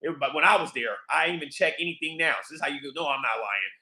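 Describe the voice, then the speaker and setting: High, bright-voiced man ranting in an echoey room. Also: rapid-fire. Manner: profane, rambling, animated storytelling. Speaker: vlog host. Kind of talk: casual monologue.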